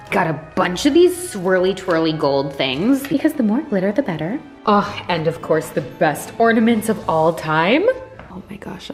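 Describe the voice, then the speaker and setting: A young woman chats through a casual vlog, gushing and excitable and quick to gasp and giggle. Her pitch swoops widely from low to high, and music plays clearly underneath. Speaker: lifestyle vlogger.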